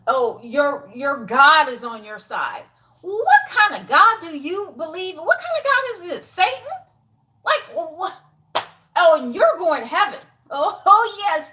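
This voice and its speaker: A woman's voice: high-pitched, bright, forceful tone. A woman talking to camera in a casual vlog, full of exasperated, incredulous rhetorical questions. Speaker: YouTuber.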